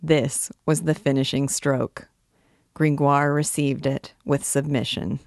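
A woman reading a classic novel aloud in a measured, expressive way as a guide to the book. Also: a bass voice, dry recording, clean studio sound.

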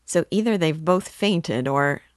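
A woman's voice: low-pitched, expressive, unhurried, no room sound, studio quality. A woman reading aloud, voicing an eager young male law student who talks urgently and insistently.

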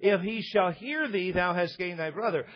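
High-voiced pastor preaching. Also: male voice, animated, moderate pace. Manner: conversational preaching with humor and stammered restarts. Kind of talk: sermon. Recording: dull, lo-fi sermon recording.

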